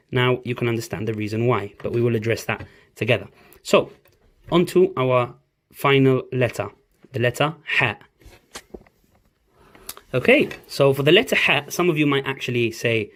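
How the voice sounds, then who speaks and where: A man teaching an online Arabic lesson, patiently encouraging learners and slowly repeating each sound for them to copy. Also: mid-range voice, fairly bright tone. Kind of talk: online language lesson, drawing on a board.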